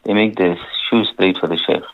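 A man speaking earnestly and warmly about his father as a guest on a radio interview, with many "you know" restarts. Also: low voice, steady tone, moderate pace, a little hiss or hum. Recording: tinny radio phone line.

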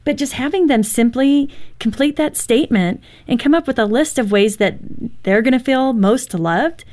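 Woman chiming in with quick laughs. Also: high voice, a little mellow. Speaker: guest, marriage counselor. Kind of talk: casual conversation.

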